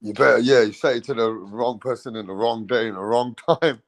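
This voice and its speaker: A man's voice: medium pitch, brisk, few pauses, no room sound. A British man hosting a casual chat, swearing freely and talking with animation. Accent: British English. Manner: swears freely, animated, mimics other accents. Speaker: host.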